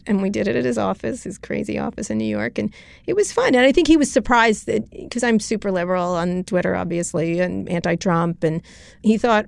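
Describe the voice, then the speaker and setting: A middle-aged woman as an interview guest, telling stories in a blunt, rapid manner with swearing. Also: medium pitch, gravelly, no echo. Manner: blunt, rapid storytelling with profanity. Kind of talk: casual interview talk.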